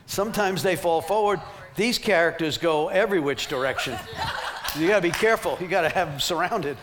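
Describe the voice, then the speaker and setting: Animated, emphatic male ministry teacher. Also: sits high, fairly quick, a little hiss or hum. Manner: animated, emphatic storytelling with laughs. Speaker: ministry team leader. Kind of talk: teaching with personal stories.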